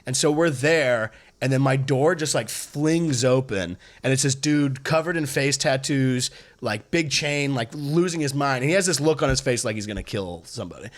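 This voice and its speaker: A man's voice: medium pitch, lively intonation, normal speed. A man telling a story in casual podcast chat, with many fillers and restarts and acted-out quotes. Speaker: podcast co-host.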